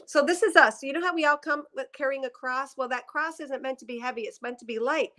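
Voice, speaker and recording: A woman's voice: sits high, fast, sharp tone. Tearful woman giving a spiritual reading. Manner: emotional, tearful, rambling. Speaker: psychic reader. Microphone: headset.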